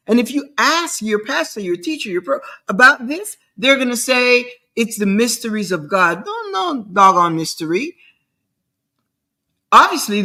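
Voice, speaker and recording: Slow, bright-voiced woman host rambling. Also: fairly high pitch. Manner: rambling, repeats words, questioning and emphatic. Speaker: show host. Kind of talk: casual monologue.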